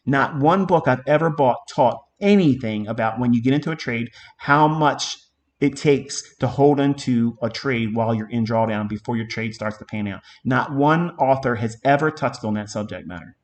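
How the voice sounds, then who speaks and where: A man's voice: mid-range voice, moderate pace. Emphatic, profane male trading mentor. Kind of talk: live trading lesson.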